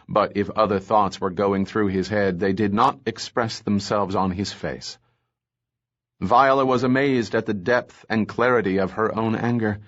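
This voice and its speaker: A man reading an audiobook in measured, steady scripted narration. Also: lowish voice, dull audio.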